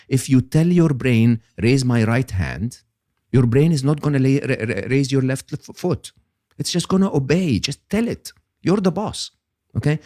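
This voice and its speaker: An older man, a guest on an interview podcast, explaining ideas in an animated, emphatic way and often checking in with "okay?". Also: medium pitch, no room sound, clean studio sound.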